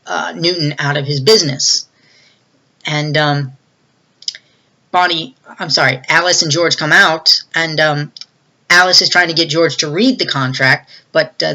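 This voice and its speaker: Bright-voiced reviewer rambling through a plot. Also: medium pitch, poor audio. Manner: rambling, with frequent fillers and self-corrections. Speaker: movie reviewer. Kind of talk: casual plot retelling.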